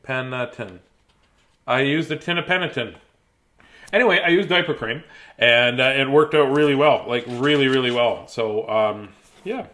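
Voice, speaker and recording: A man's voice: mid-range voice, moderate pace, a bit bright. A man in his fifties reading a children's book aloud on his show, chatty and prone to rambling asides. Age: 50s. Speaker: host reading children's books. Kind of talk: casual live read-aloud.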